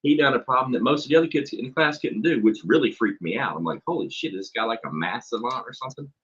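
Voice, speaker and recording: Blunt man, low and husky, muffled lo-fi audio, profane storyteller. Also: expressive, fast talker, fairly bright tone. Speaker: substitute teacher. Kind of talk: casual chat on a stream. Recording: dull lo-fi stream audio.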